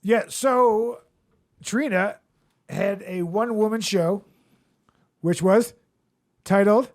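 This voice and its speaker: A man's voice: sits high, slow pace. Enthusiastic man hosting a podcast. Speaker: podcast host. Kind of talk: casual chat.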